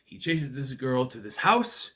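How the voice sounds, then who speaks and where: A movie reviewer casually recaps a bad film, tossing in sarcastic asides and jumping into exaggerated voices for the characters' lines. His medium-pitched voice is very animated and sharp, yet he doesn't hurry.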